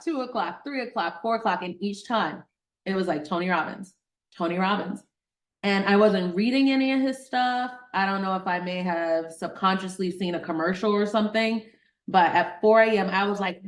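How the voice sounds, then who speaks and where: A middle-aged woman physician from Detroit telling a personal story in an interview, animated, acting out the voices of people she quotes. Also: medium pitch, normal speed. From Detroit, Michigan. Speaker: guest, physician.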